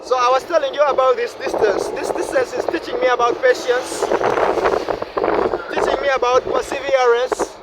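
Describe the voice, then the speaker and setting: Ugandan english guy, hoarse w flu, pretty high voice, rambling reflective vlog, wind + traffic noise on mic. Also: fairly even intonation, normal speed. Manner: reflective, repeats phrases, shifts into a deeper voice at times. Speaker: vlogger. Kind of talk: casual vlog monologue. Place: outdoors beside a highway. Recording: noisy outdoor recording with wind.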